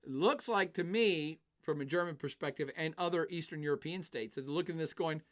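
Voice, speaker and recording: A man giving casual live-streamed political commentary, chatty and animated, reading viewer comments and acting out quoted nations. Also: fairly high pitch, brisk.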